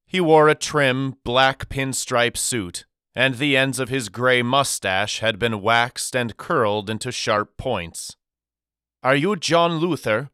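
A man narrating an audiobook chapter as the storyteller, in a measured, reflective manner. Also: medium pitch, steady tone, bright, forceful tone, clear, resonant tone, no room sound, studio quality. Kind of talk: scripted narration.

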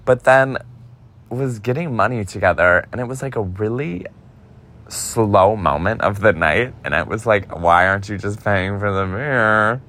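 A man's voice: lowish voice, a little slow, a bit bright. A young man casually telling a story, chatty and profane, with lots of filler words. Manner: chatty, heavy use of "like", profane. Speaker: podcast host.

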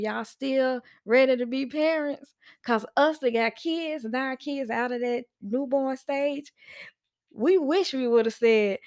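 A woman's voice: high-pitched, unhurried. A woman hosting a casual podcast, telling stories animatedly, laughing often and acting out quotes. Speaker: podcast host. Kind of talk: casual storytelling monologue.

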